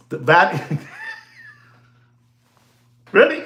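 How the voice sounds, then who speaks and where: Animated rambling man in an echoey room. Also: on the high side, normal speed, long pauses. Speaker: watch dealer hosting a livestream. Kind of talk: casual livestream chat.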